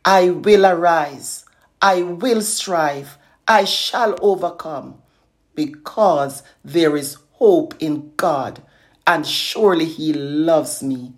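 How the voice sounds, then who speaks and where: A middle-aged woman slowly reciting a devotional poem, earnest and consoling. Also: low-pitched. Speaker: poet and inspirational speaker.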